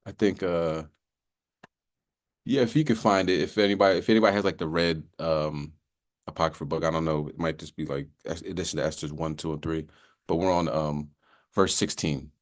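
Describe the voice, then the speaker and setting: A man's voice: a bass voice, fairly even intonation, fairly quick. A man teaching a casual Bible class in a loose, chatty way, often asking "you know what I mean" and slipping into joking voices to act out sayings.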